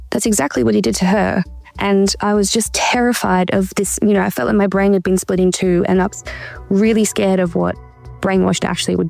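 Woman, interview guest, gravelly creaky voice, earnest and searching, restarts sentences, faint music behind. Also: mid-range voice, a little mellow. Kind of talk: personal account in an interview.

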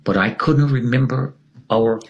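A man's voice: mid-range voice, unhurried, lo-fi sound. A man as a guest, dramatically telling a story and acting out the dialogue. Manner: animated, acts out dialogue.

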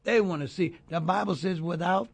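A man with a gravelly, husky voice hosts a Christian radio talk show, sitting a little above the usual pitch for a man. He speaks with the fervent cadence of a preacher and builds emphasis through repetition. The studio sound is dry and close. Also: normal speed, dry recording. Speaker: radio show host, pastor.

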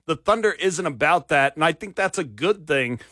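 A man's voice: fairly high pitch, expressive, moderate pace, bright, forceful tone, dry recording, studio quality. A man hosting a sports talk radio show, giving opinions in a conversational way with many fillers, his voice wearing out. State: losing his voice. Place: radio studio.

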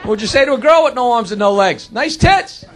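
A man's voice: very high voice, lively intonation, fast talker, heavy background noise. A man doing stand-up on stage, telling crude jokes with brash punchlines. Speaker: stand-up comedian. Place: comedy stage before an audience.

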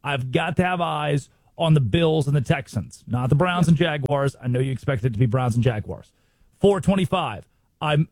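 An American man hosting a sports talk show, brisk and opinionated, firing rhetorical questions. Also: a little high, darkish tone, no echo. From United States. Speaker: sports radio host.

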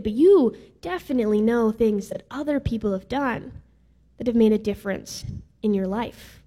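A woman's voice: high-pitched, warm tone. A woman preaching a sermon in a casual, playful way with some filler words. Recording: reverberant hall.

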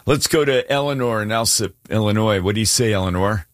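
Male call-in radio host, low voice, dry studio sound, warm and affirming. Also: fairly quick, no echo. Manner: warm, affirming, introduces callers. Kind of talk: casual radio chat with callers.

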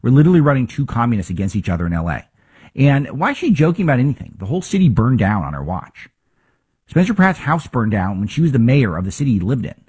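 A man's voice: medium pitch, sing-song, fast talker, a little mellow, slightly rough. A man hosting a political talk show, delivering opinionated commentary with emphatic rhetorical questions and frequent restarts.

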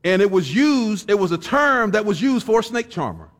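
Man preaching a sermon, folksy stories then shouting exhortations, really lively high voice. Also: moderate pace. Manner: fervent, rising to shouted exhortations; storytelling with folksy humor.

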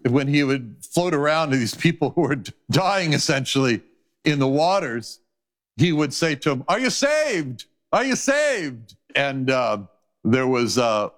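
A man preaching a sermon as a Bible teacher, earnest, his voice rising as he quotes scripture. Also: a bit bright. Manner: earnest preaching, rises in pitch when quoting scripture.

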